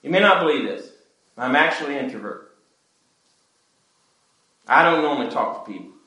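A man's voice: medium pitch, animated, normal speed. Earnest man preaching in echoey church. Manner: earnest, pleading preaching with wide swings in loudness. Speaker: pastor. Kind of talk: sermon.

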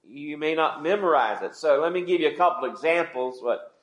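Man, pastor, conversational sermon, slightly high voice, echoey church hall. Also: expressive, brisk. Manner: conversational preaching, asks the congregation questions. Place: church sanctuary.

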